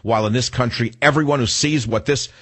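Indignant husky male radio host. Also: medium pitch, brisk, a bit bright, no room sound. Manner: indignant, repeats rhetorical questions. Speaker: radio talk show host. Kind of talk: opinionated radio monologue.

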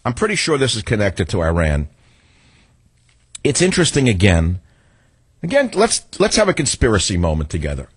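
Older male talk radio host, sarcastic and combative, low husky voice, very animated pitch. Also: normal speed, long pauses, no echo. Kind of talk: political talk radio monologue.

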